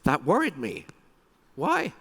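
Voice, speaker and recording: Keynote speaker: man, high voice, emphatic and questioning, long hall echo. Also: huge pitch swings, slow, gravelly, a bit bright, breathy edge. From United Kingdom. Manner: emphatic, rhetorical questions to audience. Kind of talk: conference keynote speech. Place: large conference hall. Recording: reverberant hall.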